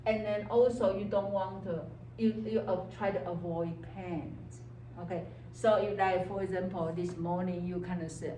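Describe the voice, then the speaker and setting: A woman's voice: lowish voice, steady tone, normal speed, mellow, recorded from a distance, slight background noise. A woman lecturing on psychology to a class. She speaks English with non-native grammar and keeps checking in with "okay?" while acting out inner voices. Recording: echoey classroom heard from afar.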